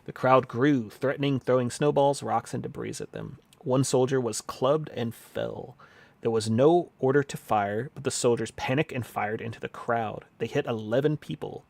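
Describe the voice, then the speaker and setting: Gravelly man reading history on stream. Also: medium pitch, normal speed, a little mellow, dry recording. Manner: reads aloud, then swears and mutters while typing notes. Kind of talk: casual live-stream reading and note-taking.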